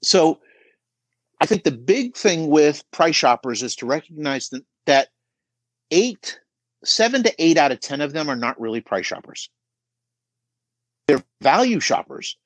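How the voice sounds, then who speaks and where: Emphatic man coaching, lively pitch. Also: measured pace, long pauses, no echo. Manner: emphatic, coaching, frequent "right?". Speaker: business coach guest. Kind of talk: podcast advice talk.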